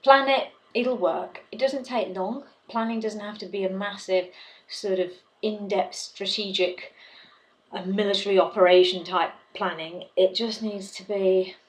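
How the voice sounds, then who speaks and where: A woman's voice: medium pitch, fairly even intonation, a little slow, rough recording. A woman who trains salespeople, talking to camera in an advice video and stressing her points by repeating words. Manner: emphatic, repeats key words for effect.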